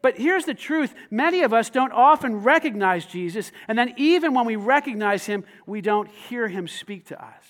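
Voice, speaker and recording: High-voiced animated preacher man. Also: moderate pace, few pauses. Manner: animated, swings from loud emphasis to quiet asides; conversational, asks the congregation questions. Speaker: pastor. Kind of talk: sermon.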